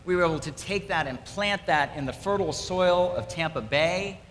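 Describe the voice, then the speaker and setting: A man's voice: sits high, moderate pace, a bit bright. A middle-aged man giving an upbeat, emphatic motivational speech to students at a school, repeating his key words. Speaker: donor addressing students. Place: school hall, audience present. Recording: echoey hall, faint room noise.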